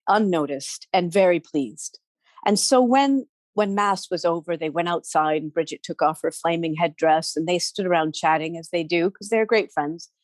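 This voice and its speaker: A woman storyteller telling a folk tale in an animated, playful way with chatty asides. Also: lowish voice, dry recording. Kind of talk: oral storytelling.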